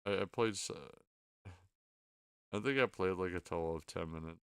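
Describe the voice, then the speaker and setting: A man's voice: low-pitched, moderate pace, clean tone, dry recording, clean studio sound. A tired man hosting a casual late-night podcast chat, rambling, swearing and stammering as he apologizes. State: exhausted, sleepy. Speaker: podcast host.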